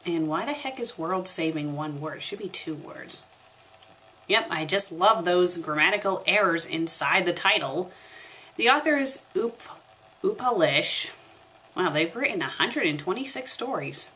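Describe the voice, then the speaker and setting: A woman's voice: lowish voice, expressive, measured pace, bright, forceful tone, a little hiss or hum. A young woman reading a story aloud for a comedic review, breaking off for sarcastic asides. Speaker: fanfiction reviewer.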